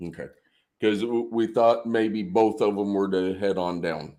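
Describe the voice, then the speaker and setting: Man, low voice, casual podcast host, chatty, lots of yeahs. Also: fairly even intonation, a little slow, warm tone. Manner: chatty, frequent yeahs and repeats.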